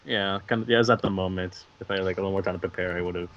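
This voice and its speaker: A man's voice: low voice, steady tone, very fast, a bit bright, lo-fi sound, a little hiss or hum. A man chatting as a guest voice actor in a casual interview, rambling with many fillers. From California.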